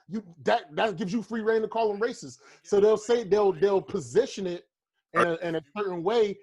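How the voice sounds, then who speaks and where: A husky-voiced American man riffing loosely on a podcast, profane and rambling. His voice sits a little high for a man, and he jumps into mocking voices when he tells a bit. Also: fairly quick. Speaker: podcast co-host, comedian. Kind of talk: casual podcast banter.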